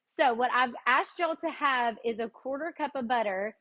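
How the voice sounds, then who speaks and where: A cooking show host with a Tennessee Southern accent leads a live cooking lesson, chatting folksily with her viewers along the way. Her voice is fairly high and a bit bright, at a moderate pace.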